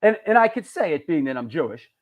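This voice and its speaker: A man from New York hosting a live show, chatting casually, joking and giving shout-outs to viewers. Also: on the high side, big pitch swings, quick pace. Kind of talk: casual live-stream chat reading viewer comments.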